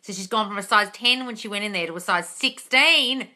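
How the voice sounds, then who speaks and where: Answering viewers on a home livestream through her phone mic, a woman chats bluntly and swears freely. Her medium-pitched voice is bright and forceful, and she talks fairly quickly.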